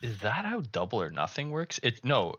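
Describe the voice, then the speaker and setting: A man's voice: medium pitch, huge pitch swings, moderate pace, fairly bright tone, highs cut off. A man playing a tabletop game, explaining in a matter-of-fact way. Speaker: player.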